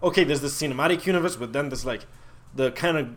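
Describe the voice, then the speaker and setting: A man's voice: fairly high pitch, fast talker. A man in casual chat who chimes in with skeptical remarks.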